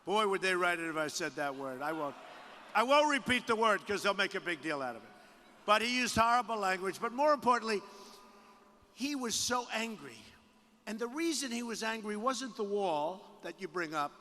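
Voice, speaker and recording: A man's voice: sits high, very animated, normal speed, slight background noise. Man giving a punchy rally speech. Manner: repetitive, boastful, punchy with sudden shouted bursts. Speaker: political candidate at a rally. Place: large rally venue. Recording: long arena reverb with faint crowd.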